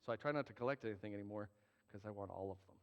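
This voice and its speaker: A man's voice: on the low side, racing. A man preaching as a pastor, earnest and emphatic with joking asides. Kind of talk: sermon. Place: church sanctuary. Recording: dull, long hall reverb.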